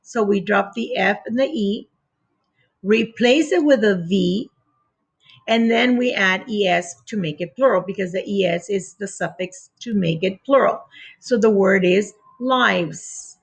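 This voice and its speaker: A teacher with a medium-pitched voice, gravelly fry, and husky edge leads a slow, deliberate phonics lesson for young children. She sounds out each word letter by letter with clear pauses and patiently repeats every rule.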